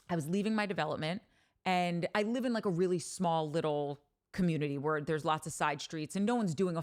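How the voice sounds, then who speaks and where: A woman with a somewhat low voice hosts her podcast in a casual monologue. She tells stories candidly and with animation, swears freely and restarts her sentences often. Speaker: podcast host.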